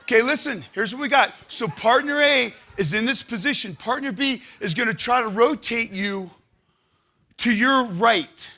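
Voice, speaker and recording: Bright-voiced man leading a workout. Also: very high-pitched, moderate pace. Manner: energetic, coaching, counts out loud. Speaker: exercise instructor. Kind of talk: live workshop exercise instruction. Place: conference room with audience.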